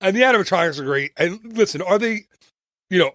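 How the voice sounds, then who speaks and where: Playful man with a lively voice. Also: high voice, fast talker, no room sound, studio quality. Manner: playful, teasing, jokey. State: coughing now and then. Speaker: podcast co-host. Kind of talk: casual chat.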